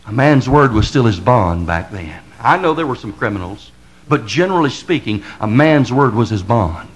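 A man's voice: mid-range voice, animated, normal speed, low-quality recording. A man from the American South with a Southern drawl, a pastor preaching an impassioned sermon that builds to emphatic crescendos in a repetitive rhetorical cadence.

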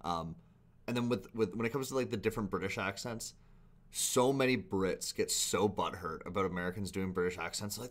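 A man's voice: fairly low pitch, a little fast, fairly bright tone. A man hosting a reaction video, talking casually with rambling asides and frequent laughs. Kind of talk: casual commentary.

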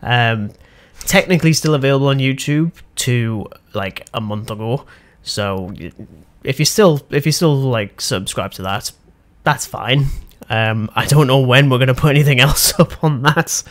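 A man's voice: medium pitch, normal speed, a bit bright. A young British man hosting a casual podcast chat, rambling a bit, with frequent ums and laughs. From Britain. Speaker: podcast host.

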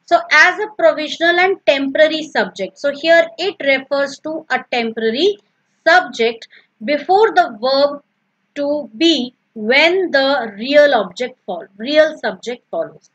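A woman's voice: high-pitched, animated, measured pace, fairly bright tone, highs cut off. A woman teaching a recorded grammar lesson, patiently repeating each example and explaining step by step.

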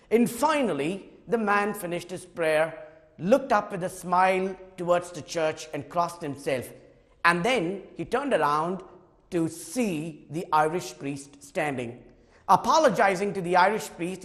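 A man giving a short sermon, telling a story in a manner that moves from hushed and reflective to fervent. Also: high-pitched. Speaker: preacher. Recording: long hall reverb.

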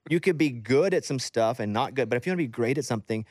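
Fast-talking man hosting a podcast. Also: mid-range voice, animated, a little mellow, no room sound, studio quality. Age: 40s. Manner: quick, joking, drops in asides. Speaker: podcast host. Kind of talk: casual interview chat.

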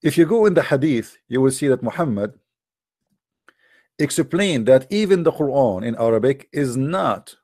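A man's voice: medium pitch, lively intonation, moderate pace, darkish tone, no echo, clean studio sound. Mocking, emphatic man arguing. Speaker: debate host. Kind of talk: argumentative religious debate talk.

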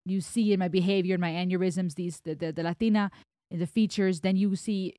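A woman's voice: mid-range voice, a little mellow, no room sound, clean studio sound. A woman from Germany with an American accent, giving reflective reaction commentary on a song as host and explaining her thoughts at length.

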